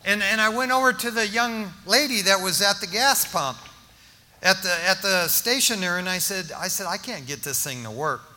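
An older man preaches with a high, very bright, piercing voice, joking his way through a story and acting out the dialogue. His words ring out with a long reverb from a big church hall. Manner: animated, joking, with restarts and acted-out dialogue. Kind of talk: storytelling sermon testimony.

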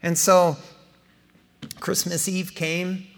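A man in his fifties preaching a folksy, animated sermon as pastor, acting out dialogue as he tells stories. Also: high-pitched, drawn-out words, creaky. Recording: long hall reverb.

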